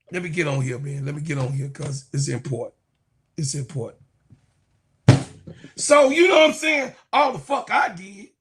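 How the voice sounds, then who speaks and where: Fifties male sports vlogger, high voice, loose profane rant. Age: 50s. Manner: animated, profane, keeps repeating "you know what I'm saying". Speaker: sports YouTube commentator. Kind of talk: casual rant to viewers.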